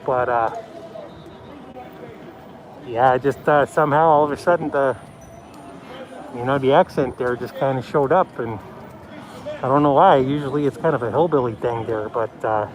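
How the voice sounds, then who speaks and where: A Pacific Northwest man films a city street protest on a handheld phone and talks at normal speed with long pauses. His live-stream commentary is casual and rambling, often dropping to a low voice over loud crowd noise.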